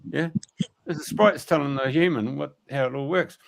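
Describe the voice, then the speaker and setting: A man's voice: on the high side, moderate pace, creaky. Rambling man telling a story. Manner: colloquial and rambling, many fillers, mild swearing. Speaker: guest. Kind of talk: storytelling in a radio interview.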